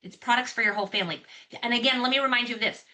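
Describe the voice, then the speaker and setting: A woman hosting a live online business overview, making an earnest, rallying sales pitch straight to her listeners. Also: rapid-fire, pushed and bright. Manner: fervent and testimonial-driven. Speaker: network marketing presenter hosting a live overview.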